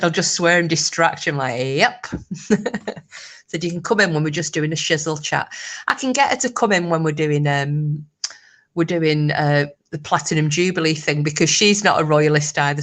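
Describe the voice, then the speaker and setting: An older woman hosting a casual livestream chat, laughing often and reading out her viewers' comments. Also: deep voice. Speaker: livestream host.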